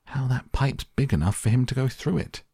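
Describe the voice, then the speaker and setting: A man's voice: medium pitch, moderate pace, gravelly, dark tone, husky, no echo, clean studio sound, voice pushed up. A man voicing a blunt, unbothered middle-aged father in a storybook reading, with a grumbling manner.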